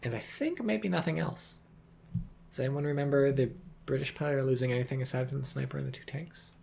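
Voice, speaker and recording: A man's voice: mid-range voice, brisk, creaky, darkish tone, a little hiss or hum. A man giving casual, profane, sarcastic commentary on a strategy game replay and reading viewer chat aloud.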